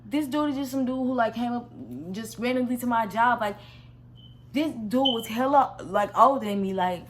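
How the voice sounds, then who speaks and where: A young woman from Missouri telling a casual storytime vlog in a slangy, animated way, with quick restarts and an exasperated tone. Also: a little high, a little hiss or hum. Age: young adult. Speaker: vlogger.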